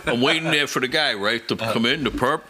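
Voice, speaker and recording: Profane New ex-cop telling stories. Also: male voice, mid-range voice, brisk. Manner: profane, animated, acts out quoted voices. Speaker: retired police officer. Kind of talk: casual storytelling chat.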